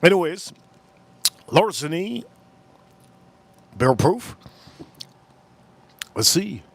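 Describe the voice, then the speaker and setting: A man's voice: drawn-out words, creaky. A man hosting a whiskey livestream, reading chat comments aloud with crude jokes and rambling asides. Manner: animated pitch swings, pitch jumps up when exclaiming. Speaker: livestream host reviewing whiskey.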